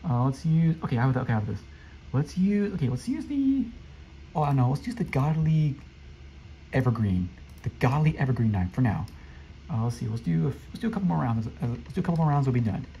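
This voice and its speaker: A young man giving excitable commentary over his own gameplay as a channel host, often jumping into squeaky teasing voices. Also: fast, gravelly, slight background noise, poor audio.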